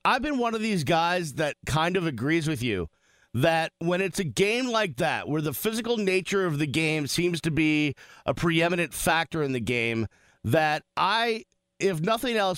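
Radio sports host guy, chatty and emphatic, voice jumps all over, kinda high for a man, dry studio sound. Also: a little slow, clear, resonant tone, no room sound. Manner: emphatic, conversational, animated. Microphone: studio microphone.

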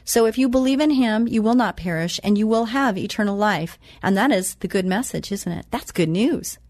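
Christian radio lady, earnest and emphatic, mid pitch, chatty between verses. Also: lively intonation, moderate pace, a little mellow, no room sound. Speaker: Christian talk show host. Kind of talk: inspirational radio talk.

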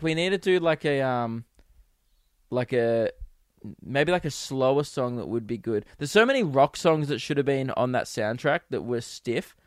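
A man's voice: medium pitch, no room sound, clean studio sound. A young man, hosting a casual solo podcast, rambling and giggly with lots of fillers. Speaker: podcast host and comedian.

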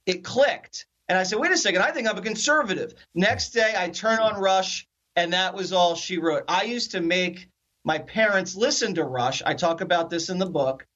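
High-voiced storytelling man, dull sound. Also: moderate pace. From Philadelphia area, USA. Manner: animated storyteller, acts out quotes. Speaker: guest. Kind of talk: conversational interview storytelling.

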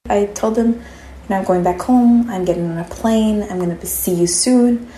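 Young woman, college student, personal audio diary, candid, warm mellow tone, roomy echo. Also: medium pitch, normal speed, slight background noise. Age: young adult. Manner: candid, conversational, openly emotional.

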